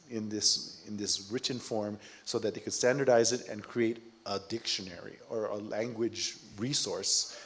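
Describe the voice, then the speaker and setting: A man from Hawaii talking on a panel, earnest and halting, often restarting his phrases. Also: on the low side. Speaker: fiber artist and cultural advisor, panel speaker. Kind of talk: panel conversation.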